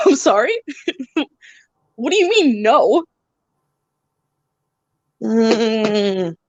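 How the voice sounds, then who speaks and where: A woman's voice: fairly high pitch, big pitch swings, very slow, darkish tone, muffled recording. A woman hosting a casual live-stream chat, venting with a lot of swearing and bursts of laughter. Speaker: channel host.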